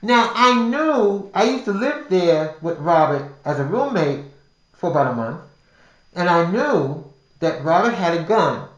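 A man's voice: on the high side, sing-song, a little slow. An older man telling a personal story casually, rambling with restarts and repeated words. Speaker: podcast storyteller. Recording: roomy echo.

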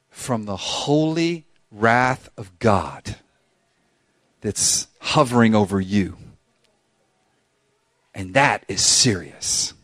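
Animated man preaching with lively pitch. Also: no echo. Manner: animated preaching, acts out voices, emphatic repetition. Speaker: pastor. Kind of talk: sermon. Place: church sanctuary.

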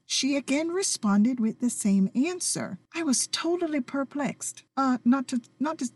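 A woman's voice: high-pitched, darkish tone, no echo. A middle-aged woman hosting a personal podcast, telling her own story in a feisty, emphatic way. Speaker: podcast host.

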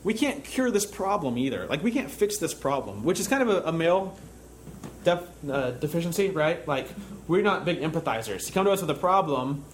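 A man's voice: a little high, big pitch swings, fairly quick, a little hiss or hum. A young man preaching a sermon in a conversational way, telling a camp story with frequent fillers and restarts. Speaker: camp counselor giving a church talk.

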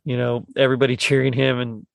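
A man hosting a casual movie podcast, talking in a rambling, halting way with lots of fillers and restarts. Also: medium pitch, level tone, creaky, no room sound, clean studio sound. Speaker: podcast host.

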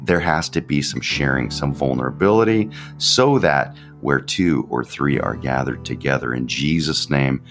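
Deep-voiced man giving a candid devotional talk. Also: normal speed, hardly any pauses, fairly bright tone, faint music behind. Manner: candid, conversational, repeats phrases. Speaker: podcast pastor.

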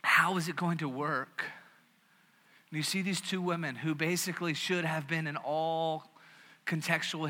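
Bright-voiced preacher in an echoing hall. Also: male voice, high voice. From American South. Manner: animated storytelling with many restarts. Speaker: pastor. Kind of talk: sermon. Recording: long reverb of a large hall.

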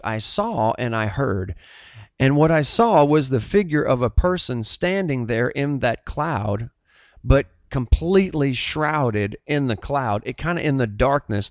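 A middle-aged pastor with a Southern US accent telling a personal testimony in an earnest, halting storytelling way. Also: male voice, mid-range voice, no room sound, studio quality.

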